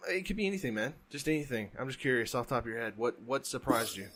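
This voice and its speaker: A man co-hosting a casual podcast, talking in a halting, rambling way with many restarts. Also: mid-range voice, animated, fairly bright tone. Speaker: podcast co-host. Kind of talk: casual chat. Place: home, during a thunderstorm.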